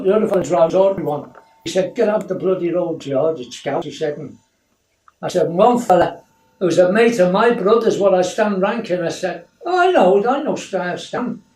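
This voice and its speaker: A man's voice: high voice, moderate pace, a little mellow. An older man telling rambling stories in casual family chat, acting out the voices of people in them. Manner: rambling anecdotal storytelling, acts out voices. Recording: echoey room, mic far off, faint noise.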